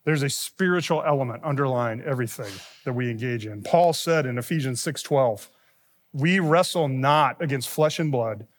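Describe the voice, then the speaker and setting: A man preaching a sermon as pastor, lifting his voice when he quotes scripture and dropping low to drive a point home. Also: moderate pace. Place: church sanctuary. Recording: long reverb of a church hall.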